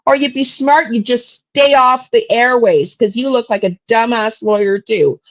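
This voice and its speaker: A woman's voice: a little high, unhurried, lo-fi sound. A woman hosting a true crime channel, ranting bluntly and angrily with plenty of profanity on a live stream. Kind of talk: live-stream soapbox rant.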